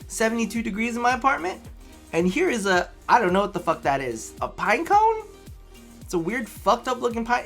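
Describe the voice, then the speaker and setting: A man's voice: high voice, fairly bright tone. A man vlogging casually to camera from his apartment, a little tipsy, rambling, chatty and swearing freely. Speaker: vlogger host.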